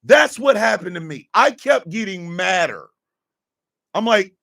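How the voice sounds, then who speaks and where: Man, comedic rant, profane and exasperated, gravelly, bright and sharp. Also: high-pitched, big pitch swings, a little slow. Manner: profane, exasperated, often shouting. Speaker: podcast host.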